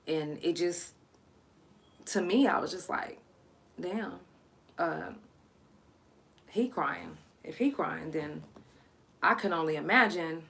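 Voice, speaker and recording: A woman from Oklahoma hosts a live storytime podcast, with a slightly low voice. She tells a personal story in a loose, rambling way, full of fillers, restarts and swearing. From Oklahoma, USA. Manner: loose, profane, halting storytelling with many ums; sharp, irritated scolding at callers. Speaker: podcast host.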